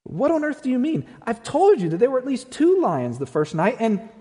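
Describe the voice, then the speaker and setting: A man voicing a frightened, indignant young boy, raising his voice into a higher, insistent, protesting tone, in a reverberant church. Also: wildly swooping pitch, moderate pace, warm tone, heavily acted.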